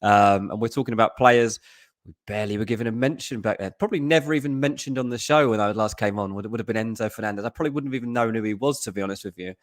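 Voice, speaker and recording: A man talking as a guest on a football podcast. His voice sits on the low side, and he rambles in a friendly way, with quick asides and self-corrections. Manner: chatty, quick asides, frequent fillers and restarts. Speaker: football transfer journalist guest. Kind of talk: casual podcast chat.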